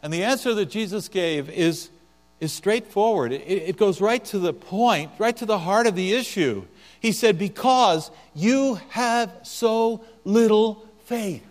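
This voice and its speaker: A fairly high-pitched man preaches a sermon, dropping to near-quiet and then building to loud, drawn-out emphasis. His voice carries a long reverb, as if from a large church sanctuary, with a low mains hum underneath. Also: lively intonation. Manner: preaching with swings from soft to loud. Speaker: pastor.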